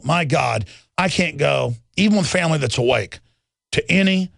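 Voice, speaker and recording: A man's voice: a little high, gravelly, fairly bright tone, dry recording. A man hosting a talk radio show, ranting angrily and repeating himself as he works up his outrage.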